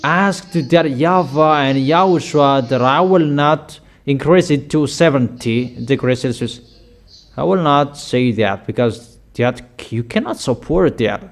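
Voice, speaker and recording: A man preaching a sermon in slow, emphatic prophetic declarations. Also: medium pitch.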